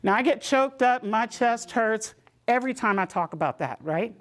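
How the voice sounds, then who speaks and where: A woman gives a community health talk. She tells her own stories in a lively way and acts out the voices of the people in them. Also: fairly high pitch, normal speed. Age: 60s. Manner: lively storytelling, acting out voices in quotes. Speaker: presenter.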